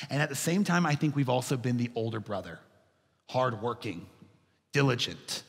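A man's voice: mid-range voice, breathy edge. A male pastor preaching a sermon, telling stories in a folksy way and calling the congregation "y'all.". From Texas. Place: church sanctuary. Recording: reverberant church sanctuary.

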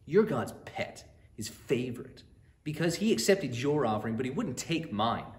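A man's voice: mid-range voice, sing-song, moderate pace, natural voice. Jealous, sulky young farmer voiced by a man in a storybook reading, strained and raised, echoing room. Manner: sulky and defiant, turning panicked and anguished. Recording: roomy echo.

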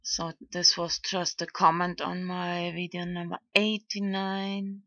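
A woman talking casually in her video blog, hesitant and halting, often trailing off with fillers. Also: lowish voice, flat delivery, a bit bright, no echo, lo-fi sound. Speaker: video blogger. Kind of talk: casual vlog commentary.

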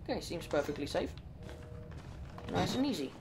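A man's voice: high-pitched, very animated, moderate pace, gravelly, over music, low-quality recording. A young man giving let's play commentary, muttering to himself with jittery nerves and frequent mild swearing. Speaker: gaming channel host.

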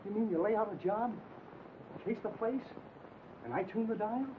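An actor playing a tough-talking crook in a 1940s film, using streetwise slang. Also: male voice, sits high, normal speed, lightly acted. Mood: gruff. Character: tough-talking male crook, middle-aged. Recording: tinny old film soundtrack with hiss.

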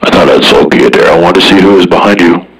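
A man with a low, husky voice chatting casually on the radio. He jokes and banters in a laid-back way, sounding distant from the mic. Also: fast. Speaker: radio operator.

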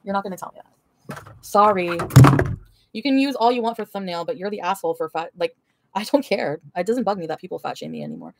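A woman's voice: lowish voice, sing-song, fast talker, vocal fry, a little hiss or hum. A woman livestreamer answering her chat in a heated, profane, confrontational rant.

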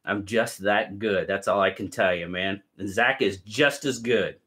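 A man's voice: lowish voice, unhurried, pushed and bright. A man hosting a casual live stream, cheerfully greeting viewers by name and chatting about their gear.

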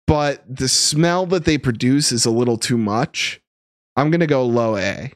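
A young man chatting on a live stream, his pitch bouncing up and down as he talks. The sound is close and dry, with no room around it. He laughs often and reads viewers' messages aloud. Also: no room sound. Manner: chatty and laughing, animated, reading chat aloud. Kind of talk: casual live-stream chat.

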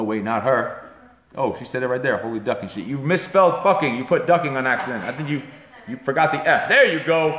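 Fast-talking, profane fitness trainer man. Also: mid-range voice, fairly bright tone, echoey room. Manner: profane, hyped and rambling. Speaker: fitness trainer and show host. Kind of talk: casual livestream talk.

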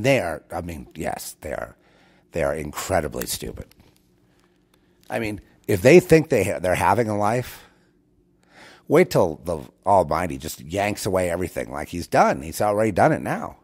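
A man's voice: low voice, very animated, normal speed, slightly rough. A man hosting his own show, talking straight to his listeners in a rambling, preachy monologue full of restarts and repeated words. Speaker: show host.

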